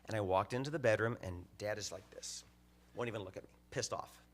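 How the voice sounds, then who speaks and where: A middle-aged man giving a humorous eulogy, telling family stories in an animated way and acting out the dialogue. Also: on the low side, fairly quick. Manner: animated, acts out dialogue, laughs through lines. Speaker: eulogy speaker.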